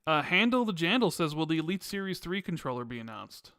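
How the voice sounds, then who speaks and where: A man co-hosting a podcast with a fairly high, bright voice that carries a gravelly fry. He sounds smooth and dry as he reads out viewer questions in a relaxed, teasing way. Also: brisk, no room sound. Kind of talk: casual podcast chat.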